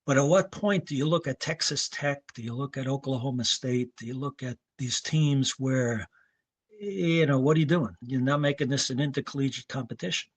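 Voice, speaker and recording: A man in his seventies from New York State, a veteran running coach telling rambling, anecdotal stories and clearing his throat now and then. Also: mid-range voice, normal speed, no room sound. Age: 70s. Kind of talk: casual interview talk.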